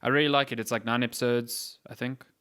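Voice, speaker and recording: A man hosting a podcast in casual chat, animated and sweary, drifting into quiet asides. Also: medium pitch, fast talker, clear, resonant tone. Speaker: podcast host.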